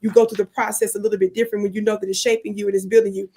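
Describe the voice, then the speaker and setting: A woman's voice: mid-range voice, level tone, racing, warm tone, slightly rough. A woman speaking as a spiritual teacher on a panel, earnest and encouraging in a teacherly way. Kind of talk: panel discussion.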